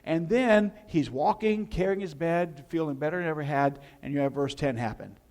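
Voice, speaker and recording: Animated preacher telling a story. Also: male voice, fairly high pitch, moderate pace. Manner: animated storytelling, questions to the congregation. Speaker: pastor. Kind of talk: sermon.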